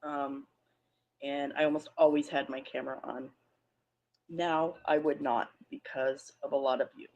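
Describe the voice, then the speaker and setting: A woman making a hesitant, subdued personal statement to an online community, pausing often. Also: deep voice, lively intonation, vocal fry, darkish tone. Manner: subdued, hesitant, many pauses and ums. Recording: muffled lo-fi audio, played back on a stream.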